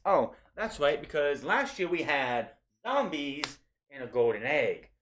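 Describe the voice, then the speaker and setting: A man's voice: fairly high pitch, very animated, a little slow, fairly bright tone. A man reviewing a wrestling show in a casual, opinionated recap, often restarting his sentences. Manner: conversational, opinionated, with frequent restarts.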